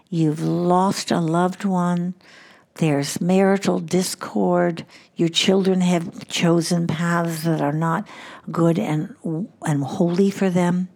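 Older lady doing a faith podcast, bit of vocal fry, thoughtful and earnest, repeats herself for emphasis. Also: fairly low pitch, a little mellow. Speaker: podcast host. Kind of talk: devotional podcast talk.

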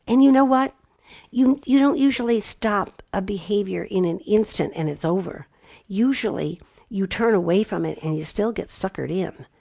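Low gravelly woman teaching slowly. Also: darkish tone, dry recording. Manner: slow emphatic delivery, spelling words out; playful asides. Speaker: Bible teacher. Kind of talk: teaching talk.

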